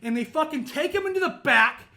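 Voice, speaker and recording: A man co-hosting a podcast, ranting angrily with constant profanity and bursts of shouting. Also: very high voice, lively intonation, brisk. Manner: angry, profane, shouting rants. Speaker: podcast co-host.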